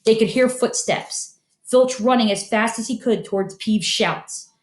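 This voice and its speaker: A woman's voice: fairly high pitch, a little slow, echoey room. Woman reading an audiobook. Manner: steady storytelling, many character voices. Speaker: audiobook narrator. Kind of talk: scripted narration.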